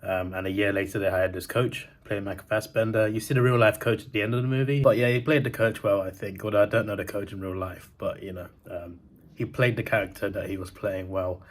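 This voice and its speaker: A man's voice: lowish voice, fairly even intonation, fairly quick. A young man rambling casually through a movie review vlog, laughing as he talks. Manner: chatty, rambling, laughs often. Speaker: movie vlogger. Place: outdoors and in a cinema. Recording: noisy outdoor phone recording. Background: wind and traffic.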